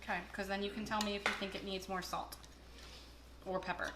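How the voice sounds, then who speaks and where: Her delivery is flat and fairly quick, her voice mid-range, as this host chats, jokes and tells stories over a casual cooking session. Heavy background noise fills the clip. It's recorded on a camera across an echoey kitchen full of clattering dishes and cutlery.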